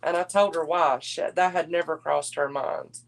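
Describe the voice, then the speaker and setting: A woman's voice: deep voice, steady tone, normal speed, vocal fry, no room sound. A woman hosting a live-stream jewelry auction, chatting with viewers and calling them darling. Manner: chatty, warm endearments to viewers.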